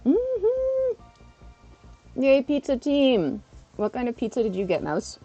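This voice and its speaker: A woman live streaming in casual chat, chatty and excitable, eating while she talks. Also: sits high, slow, pauses often, slightly rough, faint music behind.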